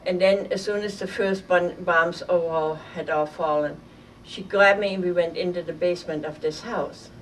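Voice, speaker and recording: An older woman from Germany telling a vivid, halting story from her childhood in an oral history interview. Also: fairly low pitch, fairly even intonation. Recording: distant mic with faint noise.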